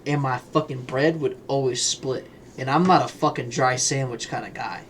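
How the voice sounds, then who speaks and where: A man's voice: medium pitch, normal speed, slight background noise. Blunt, profane man ranting casually. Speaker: podcast co-host. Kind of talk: casual chat.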